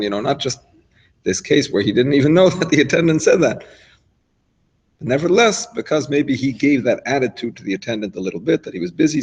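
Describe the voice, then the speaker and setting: A man's voice: mid-range voice, a little mellow, breathy edge, rough recording. A man giving an informal Torah lesson, talking it through conversationally with asides and restarts. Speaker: rabbi teaching a class.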